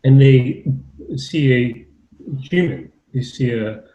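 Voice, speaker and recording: A man, a journalist guest, who stutters and speaks in slow, deliberate phrases with pauses on a video call. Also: medium pitch, dark tone. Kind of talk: answering questions on a video panel. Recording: roomy, dull lo-fi video call audio.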